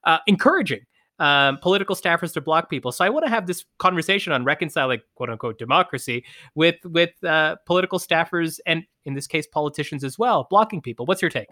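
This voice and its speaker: A Canadian man moderating a podcast, asking lively, halting questions. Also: on the high side, no echo, clean studio sound.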